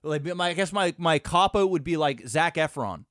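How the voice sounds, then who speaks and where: A man's voice: a little high, animated, moderate pace, fairly bright tone, no echo, clean studio sound. A man co-hosting a podcast in casual crude banter, hesitant and stumbling, often repeating his words. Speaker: podcast co-host.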